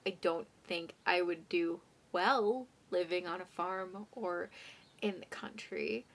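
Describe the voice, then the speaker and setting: A young woman chatting casually about books for her vlog, self-deprecating and drifting into soft asides. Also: on the low side, slow, creaky. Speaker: book vlogger. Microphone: phone condenser mic.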